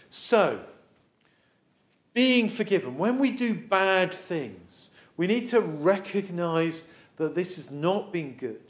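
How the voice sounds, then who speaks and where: A man acting as preacher, telling a story to children in a chatty, animated way with frequent fillers. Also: high voice, slow.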